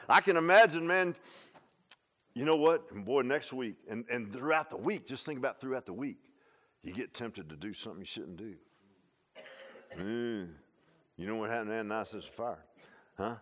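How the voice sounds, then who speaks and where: An older pastor preaching with folksy swings. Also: male voice, mid-range voice. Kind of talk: sermon.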